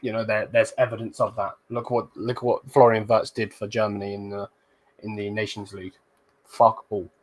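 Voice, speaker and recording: Blunt football host, lowish voice. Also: male voice, level tone, normal speed. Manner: loose and blunt, sprinkled with slang and swearing. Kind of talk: casual live-stream chat reading viewer comments.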